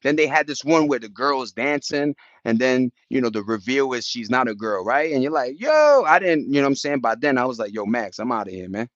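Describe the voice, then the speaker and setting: A middle-aged man tells stories in a loose, slangy way, often leaping up in pitch for impressions and beat sounds. His voice sits in a middle register. The recording is dry and a little dull, with no room sound. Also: a little fast, few pauses, no echo. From New York. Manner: animated, slangy, jumps into high-pitched impressions and beatboxing. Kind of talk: casual storytelling chat.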